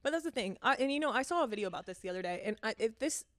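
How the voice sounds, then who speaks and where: A woman's voice: on the high side, expressive, very fast. A young woman in her twenties co-hosting a podcast, talking candidly about dating, swearing and poking fun at herself. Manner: candid, swearing, self-mocking. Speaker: podcast co-host. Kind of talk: casual chat.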